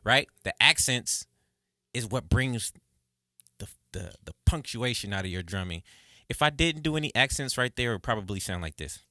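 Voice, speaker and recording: Guy teaching drums, counts out loud, bright forceful voice, super dry sound. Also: mid-range voice, normal speed, no room sound. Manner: counts beats aloud and calls stickings loudly; chatty, expressive, says okay and right often. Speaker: drum teacher. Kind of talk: casual video lesson.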